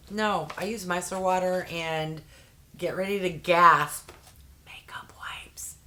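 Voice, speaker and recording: Woman, lowish voice, unhurried and candid; beauty box unboxing vlogger. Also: a bit bright. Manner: candid, chatty, quick exclamations. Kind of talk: casual unboxing chat.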